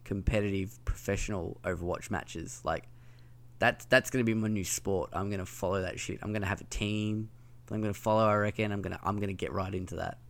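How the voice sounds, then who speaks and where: A man's voice: on the low side, fairly even intonation, fairly quick, gravelly, fairly bright tone. A man with a slight lisp hosting a casual gaming news podcast, talking in a loose, rambling way with plenty of ums and likes. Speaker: podcast host.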